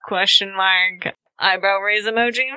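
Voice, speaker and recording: Woman, tabletop player, wry deadpan, slow, very sharp bright tone. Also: mid-range voice, no echo, poor audio. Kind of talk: casual tabletop play.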